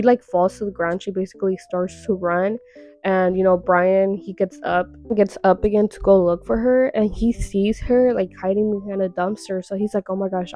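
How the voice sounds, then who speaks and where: A woman's voice: medium pitch, warm tone. A young woman casually recapping a webtoon, chatty and full of fillers with dramatic little reactions.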